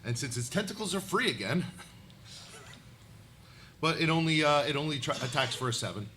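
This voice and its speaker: A man acting as game master, briskly directing players through a live tabletop game. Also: a little high, lively intonation, sharp tone. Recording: live event with faint room noise.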